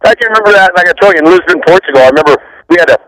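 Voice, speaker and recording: A man in his fifties, a former rock bassist, rambling through profane backstage stories and laughing often. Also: expressive, rapid-fire, a bit bright, no room sound, rough recording. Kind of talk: casual interview storytelling.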